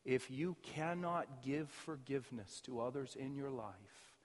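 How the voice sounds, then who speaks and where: A man preaching a sermon as pastor, his emphasis surging loud and then dropping to near quiet. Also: medium pitch, lively intonation, unhurried. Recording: reverberant hall.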